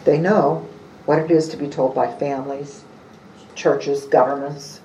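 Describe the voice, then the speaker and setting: A preacher delivering a sermon after a scripture reading, speaking in short, measured phrases. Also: mid-range voice, steady tone, mellow. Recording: roomy and distant with faint room noise.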